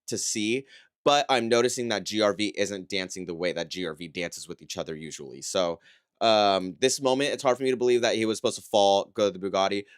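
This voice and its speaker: A man giving a casual, conversational livestream breakdown of dance routines, critical but encouraging and often checking in with a quick "right?". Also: fairly low pitch, dry recording, studio quality. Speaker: dance competition analyst.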